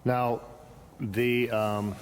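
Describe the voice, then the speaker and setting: A man's voice: mid-range voice, little pitch movement, very slow. A man hosting a local show, asking short curious questions in a casual interview on a theater stage. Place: small-town theater stage. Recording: echoey hall with faint noise.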